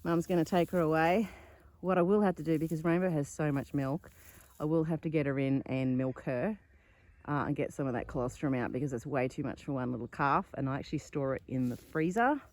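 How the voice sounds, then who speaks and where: A woman's voice: sits low, brisk, a little mellow, dry recording. A woman talks to camera as she walks through a paddock on her farm. Her speech is casual and rambling, full of small asides as she thinks aloud. It sounds like an unscripted outdoor vlog. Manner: chatty and rambling, thinking aloud while walking. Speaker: flower farmer.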